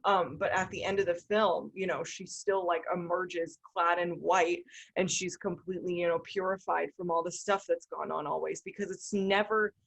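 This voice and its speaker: A woman co-hosting a podcast, talking through a film in a casual, animated way with lots of fillers. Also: fairly low pitch, moderate pace, gravelly, hardly any pauses. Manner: animated, talks through ideas with many fillers. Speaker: podcast co-host.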